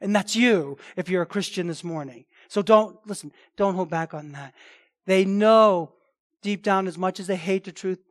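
A male pastor delivering a sermon with a high-pitched voice. He presses his points hard, doubling back on words and restarting phrases as he builds emphasis. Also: moderate pace. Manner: emphatic, repetitive, with frequent restarts.

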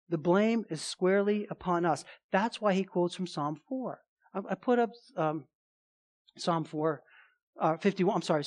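A man preaching a sermon as pastor, emphatic, with rhetorical questions and casual asides. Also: high-pitched.

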